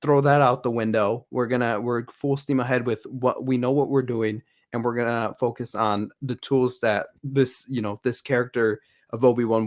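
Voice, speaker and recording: Rambling male podcast co-host. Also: medium pitch. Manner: rambling, many restarts and fillers. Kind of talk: casual chat.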